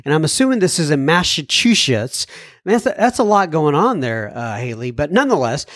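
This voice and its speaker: A man's voice: fairly high pitch, very animated, brisk, fairly bright tone, dry recording, studio quality. A man hosting a recovery podcast, earnestly reading listener letters aloud with folksy asides. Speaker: podcast host.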